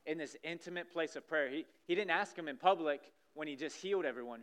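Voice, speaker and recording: A man preaching a sermon in a church, acting out scripture scenes with lively energy. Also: a little high, fast talker, clean tone. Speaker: pastor. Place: church sanctuary stage.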